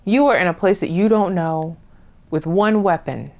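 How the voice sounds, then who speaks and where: A woman's voice: lowish voice, moderate pace, darkish tone, highs cut off. A woman streamer giving casual let's-play commentary, jokingly scolding the enemies and characters on screen. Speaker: gaming streamer.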